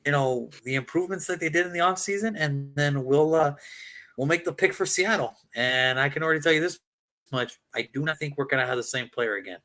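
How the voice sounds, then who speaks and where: A man co-hosting a sports talk show, joking in a casual, animated way and often acting out what people said. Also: on the high side, brisk. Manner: animated, joking, mock-quoting people, repetitive.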